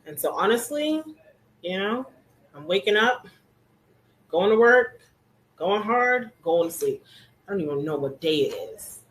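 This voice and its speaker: A woman hosting a hair care class on a live stream, chatting casually and greeting each viewer by name with relaxed slang, speaking from an indoor room. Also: mid-range voice, measured pace, long pauses, poor audio. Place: indoor room with air conditioning.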